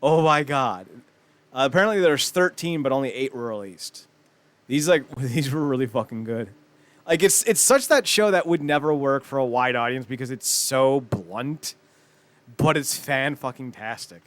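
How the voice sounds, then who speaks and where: A man's voice: medium pitch, moderate pace. A man co-hosting a podcast in casual chat, telling stories with lots of swearing and laughter. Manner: profane, animated storytelling with laughter. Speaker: podcast co-host.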